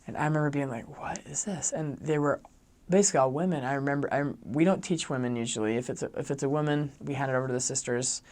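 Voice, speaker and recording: A former missionary, young and male, talks fast in a medium-pitched, slightly mellow voice as he shares a chatty personal story crowded with fillers. Quoting himself speaking kindly, he raises his voice.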